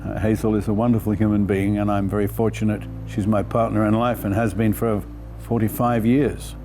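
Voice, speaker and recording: An older man, an actor telling stories from his life in an interview with clear, projected speech and frequent self-deprecating laughter. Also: on the low side, level tone, brisk, mellow, faint music behind. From Australia. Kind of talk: reflective storytelling interview.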